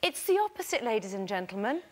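An English woman on a TV chat show, telling animated anecdotes and acting out what people said. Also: medium pitch, fast talker, heavy background noise. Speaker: guest actress.

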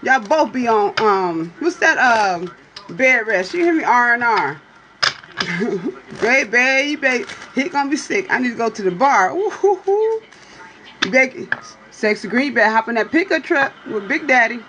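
High-voiced teasing woman livestreamer. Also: animated, normal speed, a bit bright, slight background noise. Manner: playful, teasing, keeps asking "you hear me?"; drawling, swoops into high exclamations. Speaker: livestream host reading for viewers. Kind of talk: casual livestream chat with viewers.

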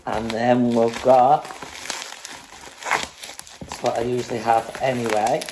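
A woman's voice: extremely low pitch, flat delivery, takes it slowly, background noise. A woman casually chatting in a home vlog, breezy and swearing now and then as she shows off products. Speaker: fitness vlogger.

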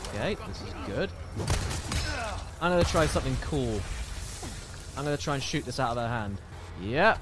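A young man giving joking, excitable live commentary while playing a video game, swearing often. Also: medium pitch, moderate pace, pauses often, noisy background. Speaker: streamer.

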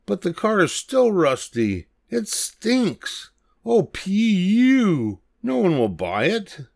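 A gang of excitable little monkey kids, high and squeaky, fretting and eager, put on by an older man. The voice leaps up and down with childish alarm. It is a playful storybook reading, delivered slowly. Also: gravelly, heavily acted. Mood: excited, fretting.

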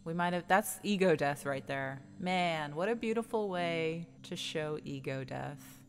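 A woman's voice: deep voice, unhurried. A woman commenting playfully on a game she plays, singing and humming along and laughing often. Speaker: gamer streamer. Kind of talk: game play-through commentary.

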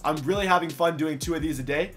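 A young man giving animated gameplay commentary for his video channel, heated and playful with loud outbursts. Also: a little high, fast, soft background music. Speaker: gaming YouTuber.

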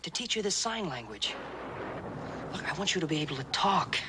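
A patient young cowboy teaching signs. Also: male voice, on the high side, very animated. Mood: frustrated. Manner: patient, coaxing, speaks slowly and gently. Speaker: actor in a western TV drama. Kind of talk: 1960s TV drama acting. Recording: noisy vintage TV soundtrack.

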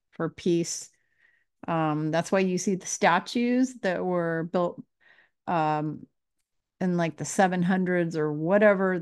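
A woman with a deep, darkish voice speaks as a spiritual teacher to her viewers. She's earnest, tends to ask her questions more than once, and keeps the talk to camera casual.

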